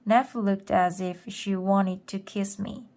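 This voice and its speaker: A woman reading a children's storybook aloud at a slow, deliberate pace. Her voice sits at an ordinary middle pitch, and when she trips on a word she calmly goes back and reads it again. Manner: careful, rereading stumbled words. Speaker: storybook reader. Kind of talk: slow read-aloud for English learners.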